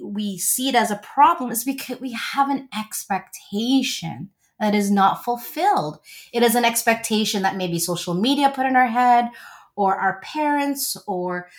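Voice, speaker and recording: A woman in her forties, a relationship coach, talking as a guest in a casual interview and telling stories with gushing, animated energy. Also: on the high side.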